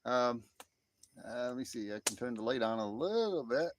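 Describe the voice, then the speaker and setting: A man's voice: mid-range voice, expressive, moderate pace, slight background noise. A middle-aged man from the United States chats with viewers on a phone live stream beside an outdoor fire pit. He talks in an easygoing, rambling way, full of restarts and fillers. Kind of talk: casual chat reading viewer comments.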